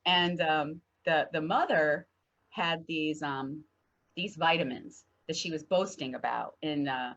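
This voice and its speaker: Woman co-host, lively storyteller, lowish voice, dull lo-fi livestream sound. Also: a little slow. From northern United States. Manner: animated storyteller, acts out quotes. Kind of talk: casual heartfelt discussion.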